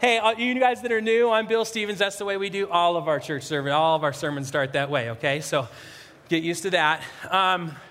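A man's voice: sits high, fairly quick, fairly bright tone. A man, a pastor, leading a church prayer and then an informal, joking sermon with frequent restarts. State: a little out of breath. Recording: long hall reverb.

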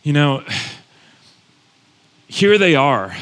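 A man's voice: a little high, sing-song, very slow, fairly bright tone. A man preaching a sermon as pastor, earnest and conversational, repeating phrases for emphasis. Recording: long hall reverb.

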